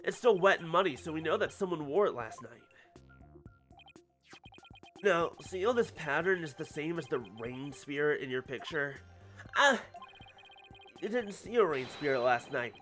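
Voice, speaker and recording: A performer voicing an earnest young male lawyer in a fan voice-over of a story game, quick to get flustered. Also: medium pitch, animated, a bit bright, soft background music, lightly acted. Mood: probing.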